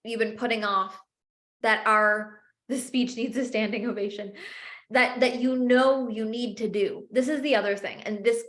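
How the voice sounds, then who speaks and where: A woman's voice: a little high, a bit bright, echoey room. A woman sales coach teaching a live masterclass, speaking with passion and emphatic repetition.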